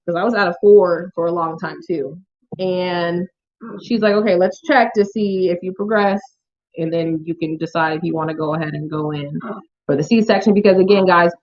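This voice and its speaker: A young woman tells a personal story to her viewers in a casual, heartfelt way. Her voice sits a bit low for a woman. The sound is muffled and lo-fi, like a home video. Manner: chatty, emotional, addresses viewers as y'all. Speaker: vlogger.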